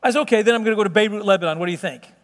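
A man giving an animated sermon testimony, telling a story with laughs and exclamations. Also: high-pitched, racing. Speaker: preacher. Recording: hall reverb.

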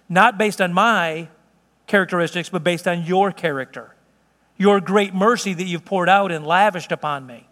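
A man's voice: high voice, normal speed, fairly bright tone, big-room sound. A man pastor preaching a sermon in an earnest, conversational way, telling vivid stories from everyday life.

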